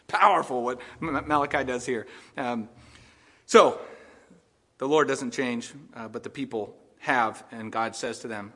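A man preaching a sermon as pastor, animated, laughing as he acts out the people's protests and God's replies. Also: mid-range voice, a little slow. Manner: animated preaching, laughing at the text, acting out voices of people and God. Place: church sanctuary. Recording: long hall reverb.

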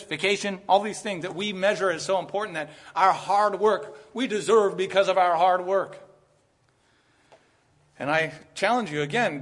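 A man's voice: sits high, fairly bright tone. A middle-aged man preaching a sermon in a church, talking to the congregation conversationally and with emphasis, and dropping in joking asides.

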